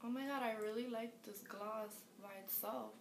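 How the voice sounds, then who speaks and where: A woman vlogging a casual makeup review, gushing and excitable, often repeating herself. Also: on the high side, normal speed, vocal fry. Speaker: beauty vlogger. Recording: echoey room with faint background noise.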